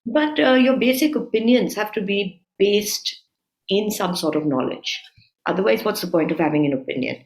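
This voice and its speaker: A woman's voice: fairly low pitch, reverberant. A woman speaking as a guest commentator in a talk-show conversation, assertive and emphatic as she argues her points. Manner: assertive, rising emphatic when arguing.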